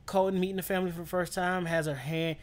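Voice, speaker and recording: Male co-host, voice on the high side for a man, wry and opinionated, joking casually. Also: steady tone, quick pace. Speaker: co-host of a watch-along. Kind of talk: casual chat over a TV show.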